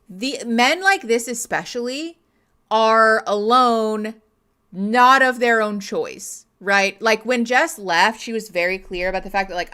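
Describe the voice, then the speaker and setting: A woman's voice: mid-range voice, sharp tone. A woman streamer giving live reaction commentary on a reality show, ranting with profanity and sarcasm.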